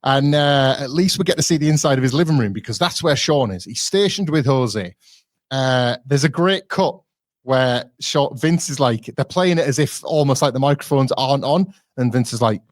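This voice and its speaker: A man's voice: medium pitch, moderate pace, no echo, studio quality. A man co-hosting a podcast, retelling events in a chatty, wry and digressive way. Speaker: podcast co-host. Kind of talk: casual podcast review.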